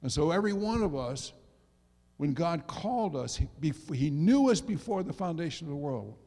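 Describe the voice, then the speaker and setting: A middle-aged male pastor preaching a sermon, dropping to soft asides and rising to loud emphasis. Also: a little high, sing-song, normal speed. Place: church sanctuary. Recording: long reverb of a church hall.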